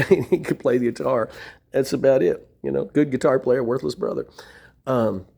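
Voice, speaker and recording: A man's voice: mid-range voice, normal speed, vocal fry, dark tone, breathy edge. A middle-aged man talking in a rambling, casual monologue from a shelter floor, venting with profanity and wry laughs. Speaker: vlogger. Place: shelter room, sitting on floor.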